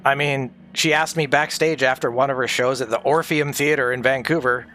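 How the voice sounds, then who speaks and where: Bright-voiced man telling stories, swearing freely. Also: medium pitch, moderate pace, soft background music. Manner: profane, animated, laughs often. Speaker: livestreamer recalling his audio engineering days. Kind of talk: casual storytelling on a livestream.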